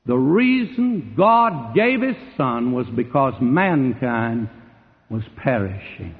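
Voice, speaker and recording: A man preaching a sermon in a large auditorium, swinging between forceful loud phrases and hushed ones. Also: medium pitch, lively intonation, slow pace. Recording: tinny narrow-band sound with long hall reverb.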